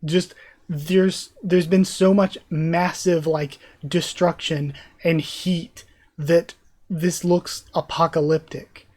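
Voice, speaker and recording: A man's voice: on the high side, level tone, slow pace, darkish tone. Een man met een vrij hoge stem reageert live als YouTuber. Hij leest een manga voor en geeft geanimeerd, emotioneel commentaar. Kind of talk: live reaction, reading aloud.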